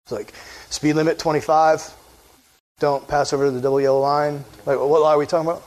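Man, youth pastor, casual sermon, animated, quizzes listeners, slightly high voice. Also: a little fast. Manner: animated, conversational, quizzes the audience.

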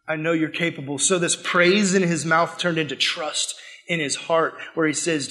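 A young man preaching a sermon to a youth group, swinging between loud emphatic bursts and quiet asides. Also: a little high, fairly even intonation, normal speed. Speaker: youth pastor.

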